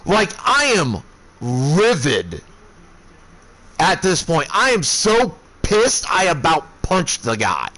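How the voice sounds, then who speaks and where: Profane high-voiced man ranting. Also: wildly swooping pitch, slow pace, poor audio. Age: 30s. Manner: profane, heated retelling, shouting when angry. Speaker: streamer. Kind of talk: casual storytelling to stream.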